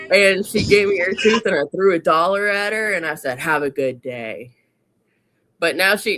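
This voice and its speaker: A woman's voice: medium pitch, a bit bright. A woman co-hosting a live morning show, telling a story in casual chat, swearing freely and correcting herself as she rambles. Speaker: co-host.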